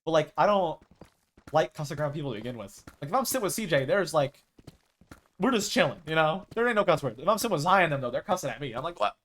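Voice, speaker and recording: A man's voice: fairly high pitch, animated, quick pace, a bit bright. A man chatting casually with his stream viewers as a live streamer, rambling and acting out quoted exchanges.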